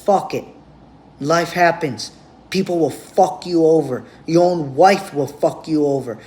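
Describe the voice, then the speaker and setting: A man's voice: a little high, measured pace, a little mellow. A man giving a blunt, profane, rambling monologue straight to camera as a vlogger.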